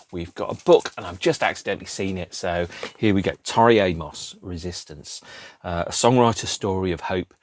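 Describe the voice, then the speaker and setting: A man hosting a podcast alone, rambling and digressing casually as he muses aloud. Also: low-pitched. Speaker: podcast host. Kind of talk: casual solo chat.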